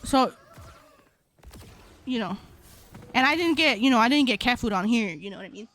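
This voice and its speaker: A woman's voice: on the high side, expressive, moderate pace, a bit bright. A woman streaming live, chatting casually with her viewers in a slangy, rambling way, often laughing.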